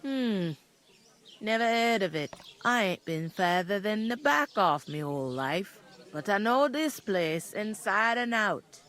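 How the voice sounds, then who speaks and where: An actress voicing a blunt, bossy village tavern keeper with a northern English accent and coarse rural dialect. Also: female voice, medium pitch, expressive, unhurried, fairly bright tone. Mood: gossipy. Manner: bossy, scolding. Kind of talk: video game voice acting.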